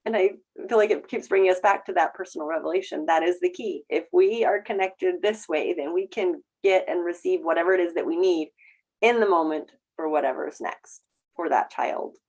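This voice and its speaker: A middle-aged woman hosting a relaxed conversation. Her voice sits a little lower than most women's. She speaks earnestly and thoughtfully, lifting into brighter quoted asides. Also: brisk. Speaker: host. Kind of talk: casual conversation.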